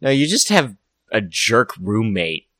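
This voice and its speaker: A man's voice: on the low side, big pitch swings, a little slow, fairly bright tone, dry recording. A man co-hosting a casual podcast chat. He is wry and rambling, with many restarts. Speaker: podcast co-host.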